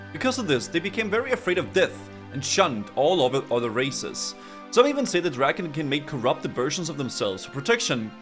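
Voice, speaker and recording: A bookish male librarian reading old lore in a steady, measured way, as a man voices him. Light music plays faintly behind. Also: a little high.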